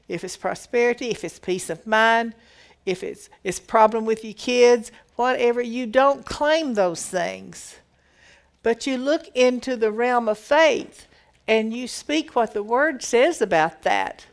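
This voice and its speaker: A woman's voice: on the high side, measured pace. A woman giving a conversational Bible teaching, reading verses aloud and explaining them with emphatic repetition.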